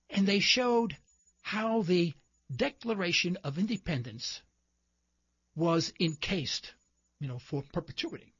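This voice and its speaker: A man's voice: sits high, fairly bright tone, breathy edge, no echo, lo-fi sound. A man hosting a talk show, delivering an impassioned political commentary monologue full of rhetorical questions and indignant emphasis.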